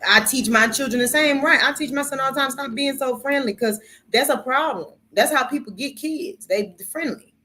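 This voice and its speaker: A woman's voice: high voice, moderate pace, sharp tone. A middle-aged woman who reads tarot, chatting on a live stream in a sassy, blunt way, swearing freely and calling listeners baby. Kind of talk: casual live-stream talk.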